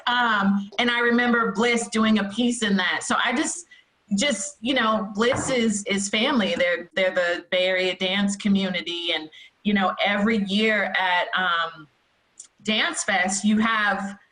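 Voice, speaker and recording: A woman co-hosting a casual interview, chatty and animated, laughing easily. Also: mid-range voice, measured pace. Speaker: co-host. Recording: echoey room.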